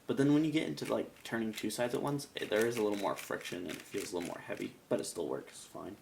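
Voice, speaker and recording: A man's voice: fairly low pitch, fast talker, gravelly, noisy background. A man giving a casual product review in a rambling, chatty way with self-mocking asides. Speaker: cube reviewer.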